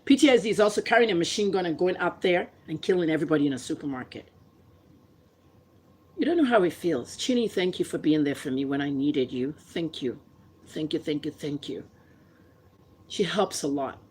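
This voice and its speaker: A woman's voice: low voice, expressive, a little fast, darkish tone, husky. A woman from Nigeria with a Nigerian accent, vlogging her opinions in an impassioned, combative rant full of rhetorical questions. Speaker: vlogger and commentator.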